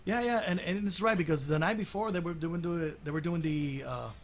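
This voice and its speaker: High-voiced bilingual guy, chatty. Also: brisk. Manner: enthusiastic, laid-back, switches between English and Spanish. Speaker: co-host of a music talk show. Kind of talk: casual bilingual chat.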